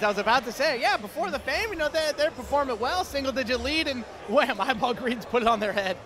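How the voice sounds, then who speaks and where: High-voiced upbeat esports play-by-play man. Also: lively intonation. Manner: upbeat, quick stat call-outs. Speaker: play-by-play commentator. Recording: game sounds and noise behind.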